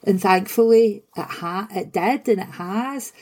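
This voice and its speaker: A woman hosts a conversational interview in a reflective way, asking probing questions between her own thoughts. Her voice has a warm, mellow tone at a mid pitch. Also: measured pace, breathy edge. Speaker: host.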